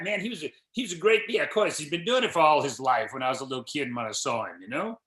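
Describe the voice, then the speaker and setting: Folksy animated speaker in an echoey hall. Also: male voice, sits high. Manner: folksy, animated storytelling with acted quotes. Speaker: guest speaker. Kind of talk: motivational talk to an audience.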